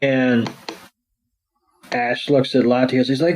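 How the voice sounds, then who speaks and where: A man hosting a podcast, casually recapping a cartoon episode with crude jokes and quick voices for the characters. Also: medium pitch, fairly even intonation, a little mellow, rough recording. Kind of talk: casual chat.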